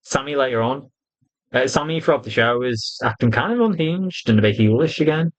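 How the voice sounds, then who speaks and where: Male reviewer, mid-pitched, blunt and profane, animated retelling. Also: brisk, dull audio. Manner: blunt, sweary, animated retelling with quoted voices. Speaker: wrestling reviewer. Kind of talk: casual opinionated review.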